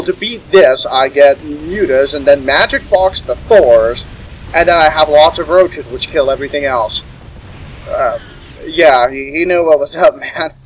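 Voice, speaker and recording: A man's voice: on the high side, husky, rough recording. A young man giving casual solo commentary on a strategy game match, chuckling and correcting himself as he goes. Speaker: esports caster.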